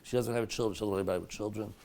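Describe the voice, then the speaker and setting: A middle-aged rabbi with a low, gravelly voice teaches a Torah class in a synagogue study hall. He talks chattily, weaving in anecdotes. At dramatic moments in his stories he sinks to a hushed tone. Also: steady tone, racing. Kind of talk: storytelling Torah lecture.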